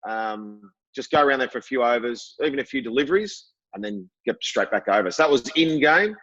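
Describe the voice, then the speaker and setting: A man's voice: mid-range voice, a little fast. Middle-aged guy guesting on a podcast, chatty storyteller, does little voices for quotes, muffled lo-fi sound. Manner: lively storyteller, acts out quotes. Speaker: guest, former cricketer. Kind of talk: casual interview chat.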